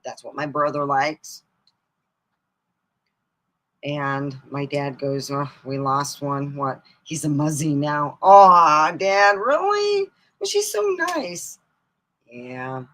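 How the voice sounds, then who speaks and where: Animated woman telling comic family stories. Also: takes it slowly, long pauses, rough recording. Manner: animated, laughs often, jumps into high excited squeals. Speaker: comedic storyteller hosting a live stream. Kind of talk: casual stand-up style family storytelling. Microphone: streaming mic.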